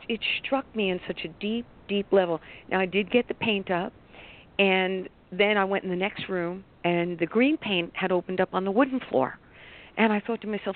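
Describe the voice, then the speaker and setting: A woman coach on a radio talk show, telling a personal story in an animated, rambling way with bursts of excitement. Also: lowish voice. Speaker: life coach guest. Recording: tinny phone line.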